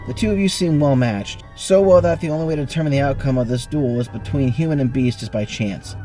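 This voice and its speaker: Man hosting an online read-along game, average pitch, animated reading, faint music behind, suits a spooky kids' adventure. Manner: animated reading, bursts of speed and pitch jumps. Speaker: game host reading the book. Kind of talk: reading a choose-your-own-adventure book aloud. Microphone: online voice call.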